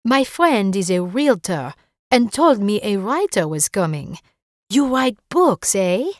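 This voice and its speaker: A woman's voice: mid-range voice, sing-song, slow pace, a little mellow, no echo, clean studio sound. A woman voicing a friendly, cheerful female neighbor with a French accent. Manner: cheerful and gay.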